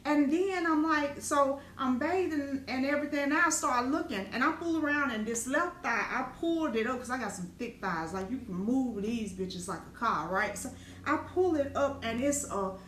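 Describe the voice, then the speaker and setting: A middle-aged woman, a spiritual teacher, telling a raw personal story in an animated, profane, dramatic way. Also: high-pitched, normal speed. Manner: animated, profane, dramatic retelling with colloquial speech. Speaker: spiritual teacher and business owner. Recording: echoey room with faint ambient noise.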